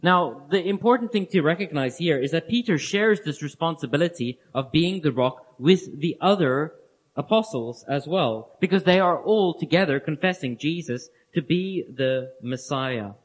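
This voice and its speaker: A man giving a Bible teaching talk, earnest and explanatory, who repeats key phrases and lets his phrase endings fall soft and low. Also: animated, moderate pace. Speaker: preacher.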